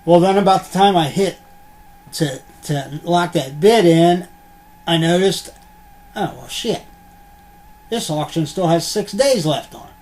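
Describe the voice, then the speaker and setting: A man's voice: on the high side, unhurried, darkish tone. A man chatting in a rambling, casual way as he unboxes collectibles, with lots of ums and the odd curse word. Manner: rambling, filler-heavy, mildly profane. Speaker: unboxing vlogger. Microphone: computer webcam.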